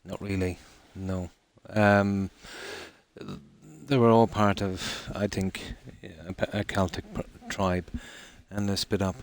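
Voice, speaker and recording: An Irish man streaming a game live, chatting casually in a rambling way with many pauses and restarts. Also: low voice, level tone. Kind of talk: casual live-stream chat while gaming.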